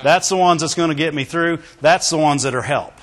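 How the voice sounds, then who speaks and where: A man preaching a sermon to a congregation, emphatic and animated, calling out exclamations and asking for answers from the room. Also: on the high side, fairly quick. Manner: emphatic, with call-and-response exclamations. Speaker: pastor. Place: church sanctuary with a congregation. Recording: long hall reverb.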